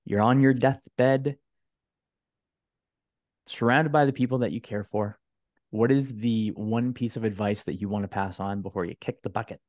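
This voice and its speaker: A man's voice: fairly low pitch, steady tone, fairly quick, a little mellow, no room sound, highs cut off. Upbeat slangy man hosting a podcast. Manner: upbeat, slangy, hypes up the guest. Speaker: podcast host. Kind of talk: casual interview chat.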